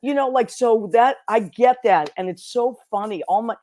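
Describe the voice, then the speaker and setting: Show host, middle-aged woman from Boston, enthusiastic, quick to react. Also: a little high, dark tone. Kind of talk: casual interview chat.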